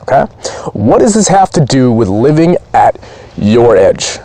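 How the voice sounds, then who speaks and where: A man's voice: mid-range voice, very animated, measured pace, mellow, no room sound. A man speaking as a performance coach, giving a blunt, profane, pumped-up motivational training talk.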